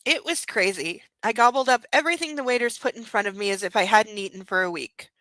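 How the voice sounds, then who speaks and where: A woman's voice: medium pitch, fast, pushed and bright, dry recording, poor audio. A young woman hosting a book club, reading a novel aloud with sarcastic, mocking asides. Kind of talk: comedic book reading with commentary.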